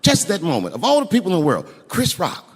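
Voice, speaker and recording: A man doing stand-up, telling a story in a lively, profane way and acting out the people in it, recorded live on an arena stage. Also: high-pitched, fast talker. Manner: animated, profane, acts out voices. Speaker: stand-up comedian. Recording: live arena recording with long reverb and crowd noise.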